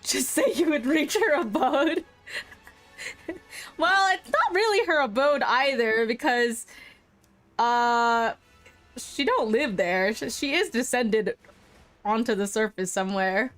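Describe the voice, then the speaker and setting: Brief: chatty woman streamer, fairly high voice, reads game narration and reacts, soft music behind. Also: slow, long pauses. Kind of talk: live-stream game story playthrough.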